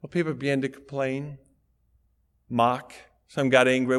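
A man's voice: mid-range voice, level tone, unhurried, long pauses, fairly bright tone, clean tone. A man preaching a sermon, telling a story with dramatic emphasis and putting rhetorical questions to his congregation. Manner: dramatic storytelling, acting out characters' lines.

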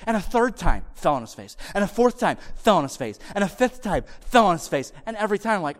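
Animated preacher man in a reverberant hall. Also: extremely high pitch, a little fast. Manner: animated storytelling, swings from loud excitement to hushed softness. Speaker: pastor. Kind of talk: sermon with personal story.

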